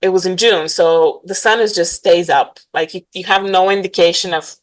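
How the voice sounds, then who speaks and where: A woman's voice: fairly low pitch, steady tone, moderate pace, poor audio. A woman from Bulgaria, a guest in a casual interview, talking animatedly with many fillers and frequent laughs.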